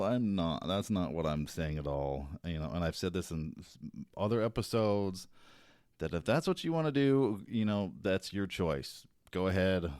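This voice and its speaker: A man hosting his own show, talking casually in a rambling, halting way with restarts. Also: low voice, animated, a little mellow, dry recording, studio quality. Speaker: podcast host. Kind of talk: casual solo commentary.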